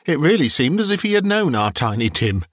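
A man voicing a kindly grieving father in an audiobook, with a tender, earnest tone pitched a bit above his own reading voice. The sound is close and dry. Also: sing-song, brisk, no room sound. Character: kindly grieving father, gentle and warm-hearted.

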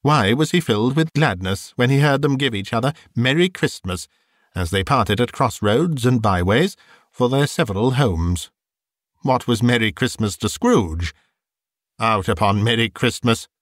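A man narrating a classic novel as an audiobook, in expressive, measured storytelling. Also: mid-range voice, dry recording, studio quality.

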